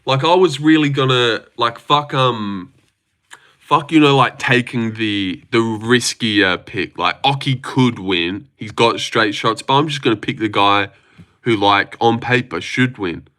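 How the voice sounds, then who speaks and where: A man's voice: medium pitch, unhurried, sharp tone. A man chatting casually on a livestream, rambling, swearing freely and reading out chat messages. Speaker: livestream host.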